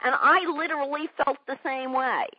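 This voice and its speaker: A woman's voice: high voice, normal speed, no echo, lo-fi sound. A woman sales trainer coaching a trainee over a call. She repeats her points, acts out both sides of a sales call, and keeps asking whether it makes sense.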